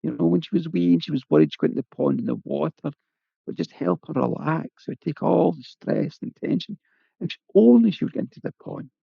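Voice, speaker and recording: A fretful young maid voiced by a male storyteller speaks softly and wistfully. The voice is gravelly and husky, with a Scottish lilt. It sounds dull and dry, close to the mic. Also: a little high, big pitch swings, fairly quick, no room sound, pitched above the performer's own voice, heavily acted.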